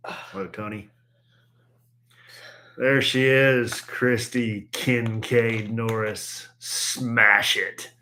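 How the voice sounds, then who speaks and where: A man's voice: on the low side, flat delivery, drawn-out words, long pauses, pushed and bright. A man co-hosting a podcast live stream, joking around and greeting viewers by name in casual chat. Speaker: podcast co-host.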